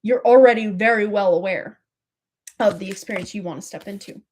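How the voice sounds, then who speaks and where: A woman's voice: mid-range voice, a little fast, a little mellow, husky. A woman giving a live tarot reading in a chatty, rambling way, laughing often. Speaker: tarot reader.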